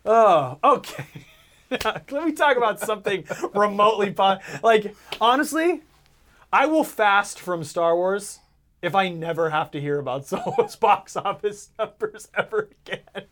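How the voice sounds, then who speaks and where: A man co-hosting a casual podcast, talking in an animated way, teasing and laughing often. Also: sits high, measured pace. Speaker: podcast co-host.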